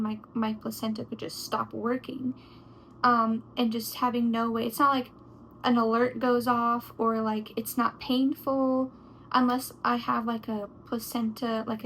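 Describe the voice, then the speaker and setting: A woman's voice: on the high side, a little hiss or hum, low-quality recording. A young woman talking casually to her viewers in a pregnancy update vlog, full of "like" fillers and acting out quoted lines. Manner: chatty, frequent "like" fillers, acts out quotes. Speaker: vlogger. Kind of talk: casual chat.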